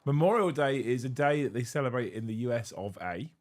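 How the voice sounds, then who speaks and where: A hoarse middle-aged man hosting a casual livestream, chatty and self-mocking, swearing freely. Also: mid-range voice, lively intonation, a little fast. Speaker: streamer host.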